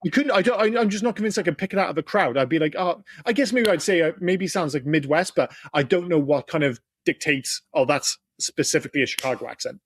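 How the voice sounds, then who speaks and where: A man's voice: on the high side, expressive, quick pace, few pauses, husky. A man co-hosting a podcast, chatting casually and swearing freely as he talks animatedly. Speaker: podcast co-host. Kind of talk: casual chat.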